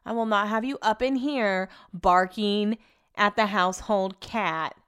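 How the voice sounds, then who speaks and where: A woman's voice: medium pitch, unhurried, a bit bright, clean tone. A young woman hosting a casual chat podcast, gossipy and chatty, swearing freely. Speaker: podcast host.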